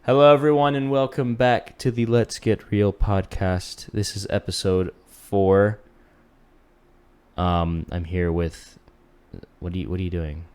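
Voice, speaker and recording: A man in his twenties hosts a casual podcast with a fairly low voice. He jokes around, swears freely and teases his co-host. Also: measured pace, darkish tone, clear, resonant tone. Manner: joking, profane, laughs at stories.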